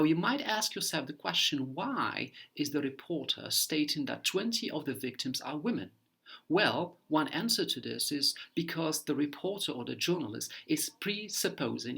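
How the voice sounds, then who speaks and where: A man's voice: on the high side, gravelly, a bit bright, husky. A man giving a lecture, explaining ideas step by step with examples, with occasional fillers and stumbling repeats.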